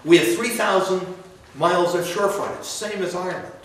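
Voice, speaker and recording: A man with a high-pitched, somewhat bright voice speaks at normal speed, giving a folksy, rambling campaign speech as a political candidate to an audience in a university lecture room. He often restarts his sentences. The room is echoey and the mic is far off.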